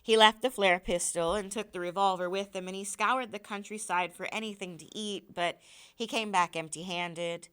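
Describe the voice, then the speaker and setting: A woman teacher reading a novel aloud in a measured, even narration. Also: medium pitch, clear, resonant tone.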